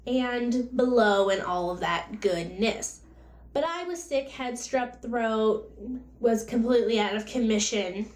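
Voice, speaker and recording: High-voiced woman vlogger, roomy sound. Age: 20s. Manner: exasperated, asks rhetorical questions. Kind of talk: casual vlog rant.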